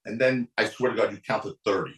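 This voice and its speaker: Speaking a little fast, this man is a guest attorney on a podcast, lively as he narrates a courtroom story and acts out quotes with wide swings in pitch. The studio recording is low quality and sounds roomy.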